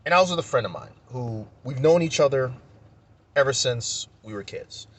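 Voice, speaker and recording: A man's voice: mid-range voice, lively intonation, normal speed, fairly bright tone. A young man telling a story in a casual vlog rant, heated and profane, repeating himself when he gets worked up. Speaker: vlogger.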